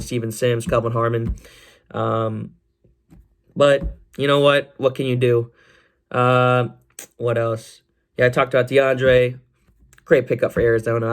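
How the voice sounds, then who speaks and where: A young man talks through sports news on his own podcast at a mid-range pitch. He rambles loosely, restarts his sentences and fills pauses, then jumps up with excitement. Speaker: podcast host. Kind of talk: casual solo sports chat.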